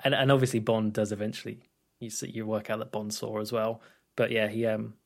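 A man's voice: fairly low pitch, flat delivery, a little fast, vocal fry. A man co-hosting a podcast, talking about a film in a laid-back, hesitant way with frequent restarts and laughs. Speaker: podcast co-host. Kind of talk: casual film review chat.

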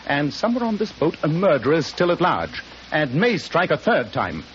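An actor playing a shrewd, coolly sardonic male detective in a 1940s radio drama, speaking crisply. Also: fairly high pitch, sing-song, moderate pace, over music. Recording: dull old radio recording with hiss.

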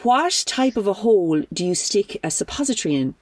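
A woman's voice: medium pitch, very animated, darkish tone, no echo. A middle-aged Irish woman hosting a podcast, chatting casually on a call, playful and teasing. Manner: playful, teasing, quick to laugh. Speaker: podcast host. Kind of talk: casual phone chat.

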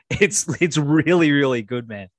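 A man's voice: fairly high pitch, animated, unhurried, dry recording. A man hosting a casual interview, enthusiastic and full of "you know" and "man.". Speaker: interview host.

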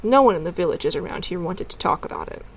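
A woman narrating a storybook chapter aloud in an even, measured way. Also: fairly low pitch, breathy edge, low-quality recording. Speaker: audiobook reader.

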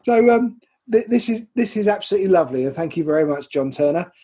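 An English man co-hosts a casual podcast and reads listener messages aloud slowly and deliberately. His voice sits a little high and sounds mellow. It has a husky edge. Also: lively intonation. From England. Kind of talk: casual chat.

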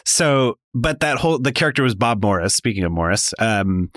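A man's voice: mid-range voice, moderate pace, no room sound. A man hosting a podcast, chatting loosely with lots of fillers. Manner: loose, filler-heavy, animated. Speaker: podcast host. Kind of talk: casual chat.

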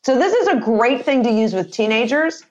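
Lively expressive woman in her fifties explaining things, a bit dull sounding recording. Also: fairly high pitch, moderate pace. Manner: energetic, expressive, acts out example dialogue. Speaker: author and sales trainer. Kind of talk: interview guest.

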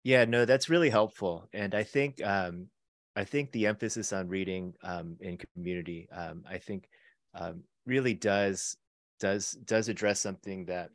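Man, middle-aged, podcast host, very low voice, dry sound, hesitant, lots of ums. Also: normal speed, dry recording. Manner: hesitant, many ums and restarts, thoughtful. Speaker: podcast host and youth minister.

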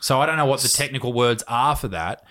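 A man's voice: medium pitch, quick pace, a bit bright. Sweary man telling a story. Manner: sweary storyteller, laughs often. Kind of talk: casual chat.

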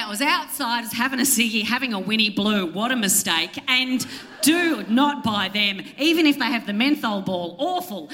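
A woman's voice: mid-range voice, lively intonation, fairly quick, bright, forceful tone. An Australian woman in her thirties telling an exasperated, self-mocking story as live stand-up on a theatre stage. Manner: exasperated, self-mocking, swears, acts out other people. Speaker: comedian co-hosting a live podcast. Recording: reverberant live theatre recording.

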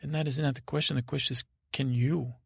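A man voicing a confident, smooth-talking male stranger who calmly offers advice and flattery in a bedtime story. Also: medium pitch, quick pace, no room sound, studio quality, pitched above the performer's own voice. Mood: smooth persuasive. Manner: calm, persuasive, slightly flattering.

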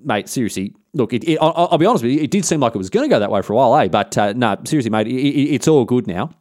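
A man's voice: medium pitch, lively intonation, very fast, darkish tone, no room sound, clean studio sound, natural voice. A man voicing a blunt, indignant male British sea captain who talks in an exasperated way.

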